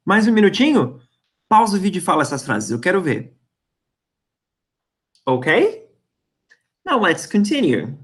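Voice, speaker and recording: Guy teaching english online, slow and drawn out, voice bounces up and down a lot. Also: fairly high pitch, fairly bright tone. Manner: slow, drawn-out modeling of words for repetition. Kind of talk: online English lesson for Portuguese speakers.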